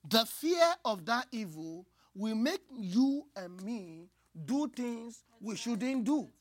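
A woman preaching a sermon, moving from hushed asides to loud, cried-out lines. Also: a little high, slow pace, no room sound, clean studio sound. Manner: expressive, swings from hushed asides to loud cries.

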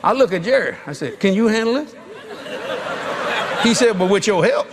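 Man, evangelist, very high voice, comic storyteller, laughing often, noisy recording. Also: normal speed, a faint crowd. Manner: animated, laughing, folksy, bursts into shouts. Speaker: traveling evangelist. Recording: noisy background.

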